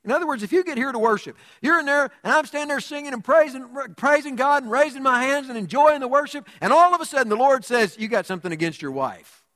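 A man with a high-pitched voice preaches a sermon, acting out stories and swinging between loud bursts and hushed passages. His words ring out with a long reverb, as if from a large church sanctuary. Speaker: pastor.

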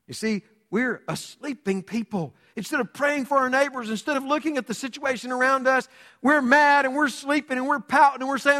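Male pastor, higher voice, dramatic sermon delivery, reverberant hall. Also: moderate pace. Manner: dramatic preaching, swinging from loud to hushed.

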